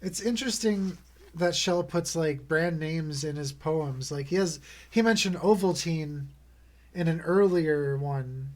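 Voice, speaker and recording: Guy reading kids poems on his stream, kinda high voice, playful and chuckly between poems. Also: a little slow, darkish tone. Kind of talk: reading poems aloud with casual commentary.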